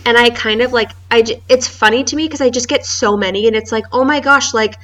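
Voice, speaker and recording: A woman chatting on a podcast, spinning animated, rambling stories and laughing often. Her voice is bright and sharp, sitting a little high. She is heard from a step back from the microphone. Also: fast, far from the mic. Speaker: podcast co-host. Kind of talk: casual chat.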